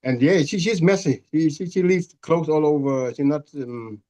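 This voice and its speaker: A man in a group video call, speaking hesitantly with many pauses and restarts. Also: a little high, a little mellow. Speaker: group participant.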